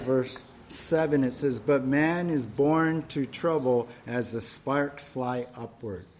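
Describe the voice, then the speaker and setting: A pastor preaches a sermon in a fairly high male voice, with a faint hiss or hum in the background. He is emphatic and repetitive, repeating phrases and frequently checking in with listeners by asking "right?"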